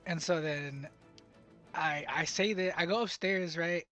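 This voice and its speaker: A man's voice: on the high side, unhurried, a bit bright, dull audio, soft background music. A young man telling a confusing story from his job site in a casual, rambling way, full of fillers and restarts. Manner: bilingual, speaks Spanish at work. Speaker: vlogger.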